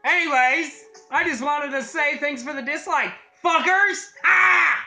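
A woman vlogging casually from her home on a phone held at arm's length, loud and giggly, with crude jokes and sudden shouts. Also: high-pitched, moderate pace, faint music behind. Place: home, in a bedroom. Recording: echoey indoor room.

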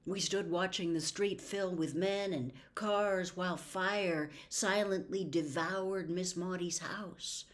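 A woman narrating a classic novel as an audiobook in a deliberate reading manner. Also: on the low side, steady tone. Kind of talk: scripted narration.

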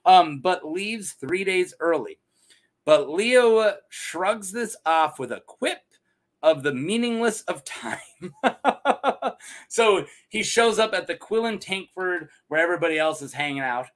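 A man with a fairly high voice that swoops up and down all over the place. He retells fantasy lore in a casual, joking way and often laughs at his own asides, like a host chatting to his regular viewers. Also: expressive, unhurried, a bit bright.

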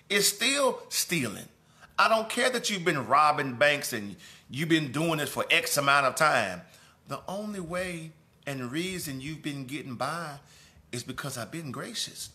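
A man's voice: a little high, pushed and bright. A male pastor teaching a Bible lesson in a preaching style, with emphatic repetition and conversational asides. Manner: preaching with emphatic repetition, swelling and dropping in volume.

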